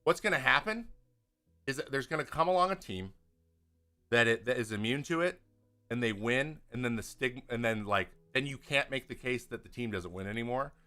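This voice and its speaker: Guy in his 30s rambling on a live stream, bright voice, lots of restarts, faint music under it. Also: medium pitch, a little fast. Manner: rambling, restarts often, animated when venting. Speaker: podcast host answering viewer questions. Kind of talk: casual live chat.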